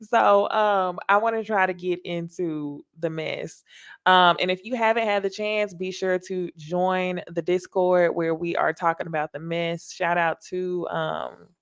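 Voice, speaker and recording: A woman's voice: on the low side, fairly even intonation, measured pace, clear, resonant tone, no echo, clean studio sound. A woman with a Southern American accent hosting a casual, candid recap talk show, chatty and emphatic. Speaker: host.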